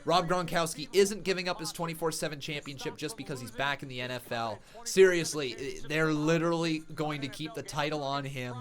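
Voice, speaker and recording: A young man hosting a live watch-along stream, giving casual commentary that flares into loud excited outbursts. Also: a little high, fairly quick. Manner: excitable, bursts into loud shouts.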